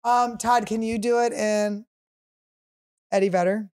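A woman's voice: a little high, steady tone, a little slow, a little mellow. A woman hosting a casual comedy podcast, teasing and giggly as she steers the chat. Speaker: podcast host.

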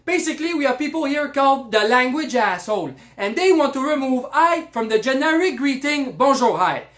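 Man doing a crude cocky Montreal guy, Quebec French accent, high voice, broken English, comedy rant. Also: animated, fairly quick, a bit bright. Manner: profane, blunt, broken English. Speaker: comedy character. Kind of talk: comic rant to camera.

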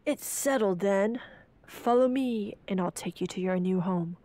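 A woman's voice: mid-range voice, unhurried, mellow, close to an everyday voice. A woman voicing a pompous middle-aged male town mayor who speaks in a formal, old-fashioned way.

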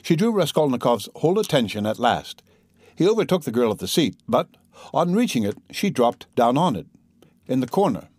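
A man narrating a classic novel in a steady, measured way, his voice sitting at an ordinary middle pitch. The recording is close and very dry, with no room sound. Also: dry recording. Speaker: audiobook narrator.

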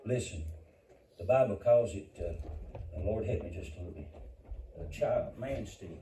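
Older preacher, fervent folksy delivery, heard from across an echoey church with background noise. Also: male voice, on the low side, normal speed, far from the mic. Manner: fervent, folksy preaching that swings from loud to hushed. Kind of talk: impassioned sermon.

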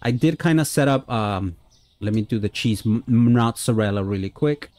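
A man's voice: fairly low pitch, normal speed, darkish tone, no echo. A man giving friendly, casual let's-play commentary on a simulation game, chatting with his viewers and dropping many "uh" fillers. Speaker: gaming YouTuber.

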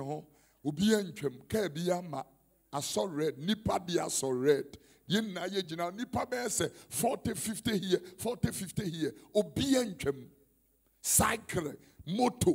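Ghanaian man preaching, raspy voice, swings high and low, keeps breaking into shouts. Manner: bursts into shouting, mixing Twi and English. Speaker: prophet. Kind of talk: sermon. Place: conference hall.

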